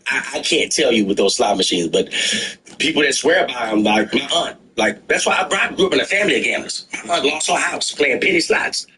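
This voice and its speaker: A middle-aged man telling stories in a casual podcast chat, animated and profane, acting out his own past words. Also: medium pitch, fairly quick. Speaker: guest storyteller.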